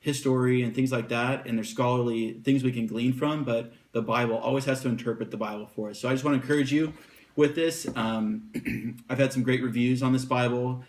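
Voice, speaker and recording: A man teaching about a Bible passage in a relaxed, unscripted way, with fillers, slowing down whenever he reads verses aloud. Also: mid-range voice.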